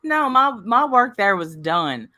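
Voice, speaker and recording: A woman hosting a casual chat, telling a story with energy and loudly acting out what people said. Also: medium pitch, unhurried. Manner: animated, acts out quoted voices loudly. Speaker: host.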